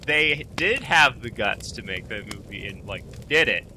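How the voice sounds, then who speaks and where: A man teasing his friends in comedic banter with deadpan questions. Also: fairly low pitch, unhurried, slight background noise.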